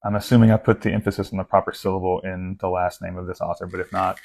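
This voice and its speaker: A man's voice: deep voice, flat delivery, fast, gravelly, darkish tone, a little hiss or hum. A young man chatting casually about his latest book haul, rambling and self-deprecating, with lots of asides and restarts. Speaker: book vlogger.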